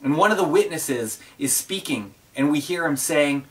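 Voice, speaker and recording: A pastor preaches by telling scripture as a series of vivid film scenes. His voice is slightly high for a man. The voice is picked up from a distance in a church. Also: lively intonation, moderate pace, few pauses. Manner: vivid, cinematic storytelling.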